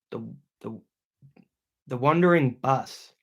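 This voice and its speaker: A young Australian man hosts his own livestream, talking loudly and casually in relaxed slang as he reads out comments. His mid-pitched voice carries a gravelly edge. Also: extremely slow. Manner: loud and chatty, slangy. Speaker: YouTuber hosting a livestream.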